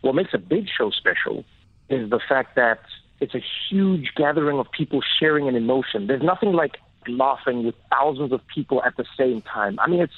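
A South African man, a comedian guest, telling stories in an animated way on a casual radio interview. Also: mid-range voice, moderate pace, no echo. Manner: animated, storytelling, laughing easily. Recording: tinny, phone-like, dry radio sound.

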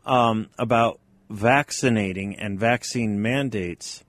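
A man's voice: fairly low pitch, takes it slowly, no room sound. A man hosting a talk radio show, talking in a conversational, wry and emphatic way into a studio microphone. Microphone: studio microphone, dry.

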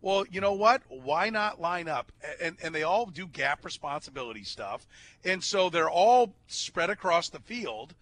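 A man in casual sports chat, talking fast and animated with lots of stammered restarts and rhetorical questions. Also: high voice. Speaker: co-host.

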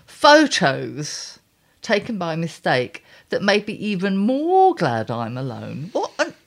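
A middle-aged woman reads her column aloud, her pitch roaming up and down as she goes. She breaks off into blunt, exasperated asides with a dry, wry humour. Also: huge pitch swings, measured pace, a little mellow. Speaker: columnist and podcast host.

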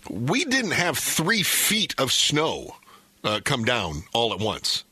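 A man's voice: mid-range voice, huge pitch swings, slow, sharp tone, husky, no room sound. A middle-aged man from northern Michigan, hosting and chatting casually, rambling with many fillers. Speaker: radio show host. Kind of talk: casual chat.

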